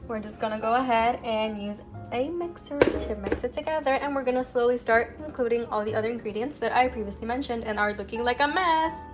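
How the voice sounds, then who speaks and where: A young woman with a somewhat high voice talks casually to her camera in a home kitchen. She rambles happily from one tangent to the next while hosting her cooking vlog. Faint music plays in the background. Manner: chatty, wanders off on tangents. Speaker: vlogger.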